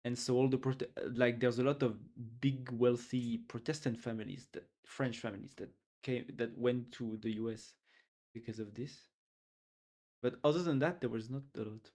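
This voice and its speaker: Guy streaming and chatting with viewers, rambly, stumbles and repeats words, reads chat out loud. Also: medium pitch, steady tone, normal speed. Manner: rambling, repeats words while searching for them; reads chat aloud and jokes with it. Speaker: livestreamer.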